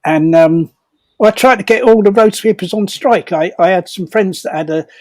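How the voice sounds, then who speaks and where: An older man tells a funny anecdote at a comedy fundraiser, halting and repeating words and chuckling as he goes. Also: high voice, a little mellow, no echo, studio quality. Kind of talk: comic anecdote telling.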